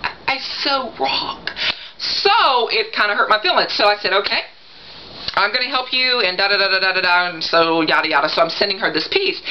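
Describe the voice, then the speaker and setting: A woman's voice: mid-range voice, fairly quick. Woman, middle-aged, chatty, teasing, lots of fillers, somewhat muffled home recording, faint background noise. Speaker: mother giving coaching advice. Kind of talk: casual vlog monologue.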